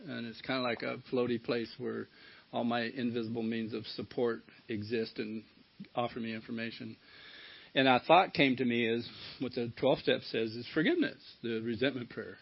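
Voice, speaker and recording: A man's voice: mid-range voice, fairly even intonation, normal speed, vocal fry, breathy edge, no echo. A middle-aged man giving a candid personal share at a recovery meeting, swearing casually as he tells his story. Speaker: recovery speaker. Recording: dull lo-fi talk recording.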